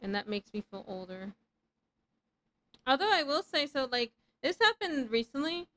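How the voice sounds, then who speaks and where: A woman in her thirties, streaming a game live and rambling to her chat. Her voice sits a little high, and she swears freely and pokes fun at herself. A faint hum of ambience sits under her talk. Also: very animated, normal speed, fairly bright tone, low-quality recording. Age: 30s. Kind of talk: casual live gameplay chat.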